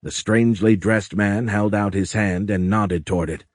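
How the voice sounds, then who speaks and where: A man reads a thriller audiobook in a steady, even storytelling delivery. His voice sits low. The recording is dry and close. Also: moderate pace, few pauses, no echo. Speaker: audiobook narrator. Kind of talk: scripted narration.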